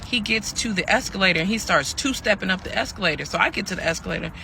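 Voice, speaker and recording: A man's voice: high-pitched, expressive, fast talker, creaky, bright, forceful tone, slight background noise, full character voice. A man voicing a weary, aggrieved pregnant woman. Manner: chatty, addresses listeners as y'all, acts out quoted lines. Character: pregnant young woman telling her story, weary and hurt. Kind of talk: storytelling monologue.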